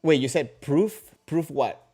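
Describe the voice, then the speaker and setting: A man's voice: on the high side, expressive, slow pace, a little mellow, breathy edge, faint music behind. A man hosting a casual livestream, answering viewer comments and questions in a rambling, joking way with many restarts. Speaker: kendo livestream host.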